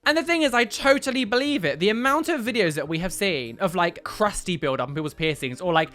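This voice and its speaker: A young man hosting a reaction video, animated and exclamatory with frequent laughs. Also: high voice, brisk. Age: young adult. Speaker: YouTube reaction host. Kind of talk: reaction commentary.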